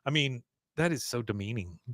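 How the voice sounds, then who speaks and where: A male podcast host retells a cartoon episode in a loose, rambling way, trailing into laughs. His voice sits at a medium pitch, and the recording is dry and close. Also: animated, moderate pace, fairly bright tone, no room sound. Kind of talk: casual episode recap.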